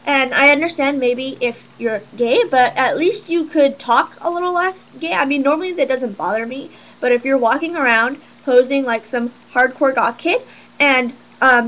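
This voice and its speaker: A woman's voice: high-pitched, rough recording. A teenage girl ranting casually to camera in a sarcastic, exasperated, rambling way. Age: teens. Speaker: vlogger.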